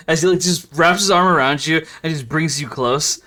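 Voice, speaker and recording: A man's voice: on the high side, normal speed, hardly any pauses, pushed and bright. A man narrating a tabletop game as game master, with loose narration full of fillers.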